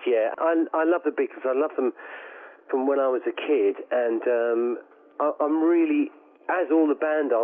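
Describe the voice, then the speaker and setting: A middle-aged man with a slight southern English accent, answering radio interview questions enthusiastically and rambling with restarts. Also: mid-range voice. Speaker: guest musician. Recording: tinny phone line.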